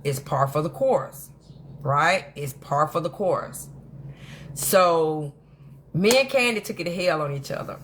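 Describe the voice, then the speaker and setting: A woman with a lowish voice talks through drama in a casual commentary monologue. She tells her stories with animated emphasis and rambles, often stopping to restart a thought. A faint hum of noise sits under her voice. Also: a little slow. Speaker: host of a drama commentary channel.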